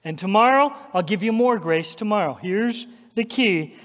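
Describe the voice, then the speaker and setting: A man's voice: sits high, expressive, normal speed, a bit bright, in a large hall. A man preaching a sermon as pastor, emphatic and checking in with his listeners with a repeated "okay?". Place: church sanctuary.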